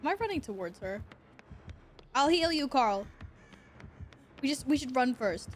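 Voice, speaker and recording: A woman streamer giving live commentary on a horror game, excitable, swearing and shrieking with laughter when chased. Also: high-pitched, measured pace.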